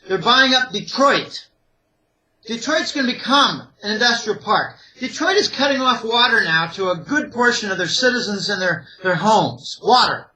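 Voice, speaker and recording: An economic analyst from Greater Pittsburgh, USA, appears as an interview guest, issuing forceful warnings in a repetitive, opinionated manner. His high-pitched voice has lively intonation and a sharp edge, moving at a moderate pace over poor audio.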